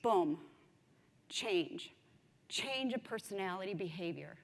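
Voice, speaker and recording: A woman giving a conference speech, telling a story in an animated, self-mocking way. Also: medium pitch, slow, vocal fry. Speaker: conference speaker. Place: large conference hall. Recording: long hall reverb.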